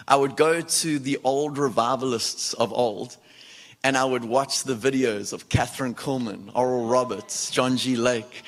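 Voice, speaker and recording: A man preaching a lively sermon in a church, breaking into loud laughter and shouts as he urges the congregation on. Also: mid-range voice. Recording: echoey church hall.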